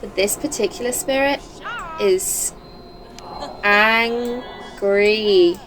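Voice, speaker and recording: A woman hosting a game channel, chatting excitably through a let's play with lots of fillers. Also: a little high, normal speed. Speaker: gaming channel host. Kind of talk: casual let's play commentary.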